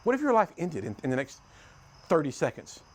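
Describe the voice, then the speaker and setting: A middle-aged man from the United States giving a motivational talk to a youth group, telling stories and swinging between loud and hushed. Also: fairly high pitch, wildly swooping pitch, brisk. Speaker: youth speaker.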